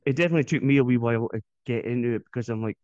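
A man's voice: mid-range voice, racing, a little mellow, no room sound, muffled recording. A man, co-hosting a podcast in a rambling casual chat. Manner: chatty, rambling with restarts. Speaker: podcast co-host.

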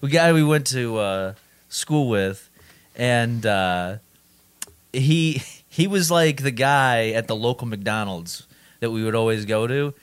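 A man's voice: mid-range voice, takes it slowly, smooth, no room sound. A man co-hosting a podcast, chatting casually and telling stories with lots of swearing and false starts. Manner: animated, swearing storyteller with frequent restarts. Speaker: podcast co-host. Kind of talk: casual chat.

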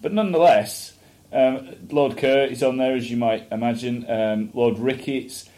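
A man's voice: mid-range voice, moderate pace, warm tone. A man co-hosting a casual political podcast, sardonic and jokey, often reading quotes aloud. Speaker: podcast co-host.

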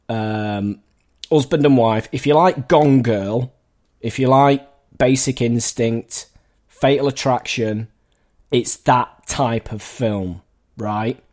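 A man co-hosting a film podcast, telling rambling stories in a relaxed chat. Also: mid-range voice. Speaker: podcast co-host. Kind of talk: casual storytelling chat.

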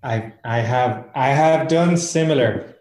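A man's voice: mid-range voice, takes it slowly, darkish tone, reverberant, poor audio. An Irish man, a guest, chatting casually with hesitant repeated starts. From Ireland. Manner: hesitant, repeats his words. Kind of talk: casual chat.

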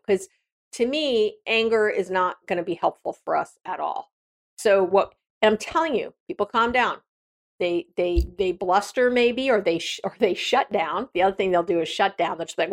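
A woman's voice: medium pitch, normal speed. A woman hosting an advice podcast, talking frankly and directly in a casual monologue with frequent restarts. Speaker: podcast host.

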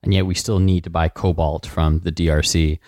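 A man co-hosting an economics discussion, explaining financial markets in a measured, casual way. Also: deep voice, level tone, darkish tone, dry recording, clean studio sound.

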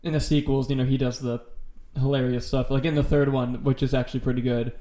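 A man with a medium-pitched, dark, level voice talks fast in a room with noticeable echo. Co-hosting a casual podcast, he rambles enthusiastically about horror films and swears freely and often.

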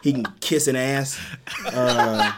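American male comic guest, loose and jokey, mid pitch, hiss behind him. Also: fairly even intonation, takes it slowly. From United States. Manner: laughing, loose and joking, Southern-tinged "y'all" talk. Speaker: guest comedian. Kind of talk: casual podcast chat.

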